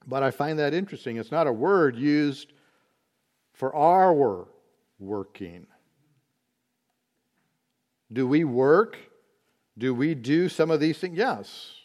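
A man teaching a Bible study, explaining word meanings slowly and deliberately, with occasional fillers. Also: a little high, animated, darkish tone.

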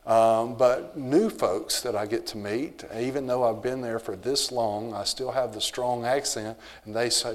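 Speaking unhurriedly and with few pauses, this Southern-accented man has a mid-range voice that echoes through a large hall. As a visiting missionary, he offers the church congregation a relaxed, informal, folksy talk in the sanctuary, leaning often on fillers.

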